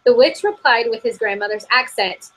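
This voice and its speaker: Reading a spooky story from an article, a woman co-hosting a podcast keeps things casual and giggly, dropping "like" again and again. Her voice is somewhat high and expressive at a moderate pace, captured roughly over a remote call.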